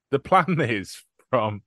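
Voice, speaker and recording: Lively chatty man on a film podcast. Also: mid-range voice, no echo, clean studio sound. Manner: chatty, swearing, acts out lines from the film. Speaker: podcast co-host. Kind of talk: casual film podcast chat.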